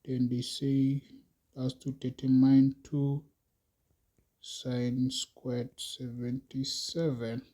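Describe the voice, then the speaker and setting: A man teaching a math lesson, talking slowly and thinking aloud as he works through a problem with his students. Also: medium pitch, level tone, dark tone. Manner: slow, musing, talks to students as he works.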